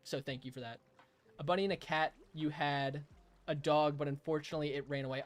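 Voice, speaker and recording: A man's voice: on the high side, fairly even intonation, fairly quick. A young man streaming a game, chatting casually with his live chat, playful, rambling and laughing often.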